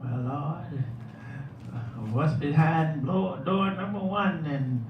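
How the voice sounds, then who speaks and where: A male pastor preaching a sermon, rising into shouted, rhythmic climaxes. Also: on the high side, slow pace, echoey room, far from the mic, dull audio, noisy background. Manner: preaching that builds to shouted, sing-song climaxes.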